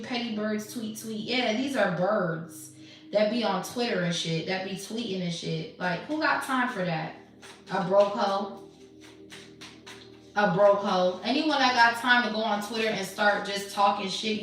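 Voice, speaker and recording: A woman's voice: medium pitch, fairly bright tone, far from the mic. Brash woman in an echoey room. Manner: blunt, profane, slangy and mocking. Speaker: tarot reader. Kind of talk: casual tarot reading monologue.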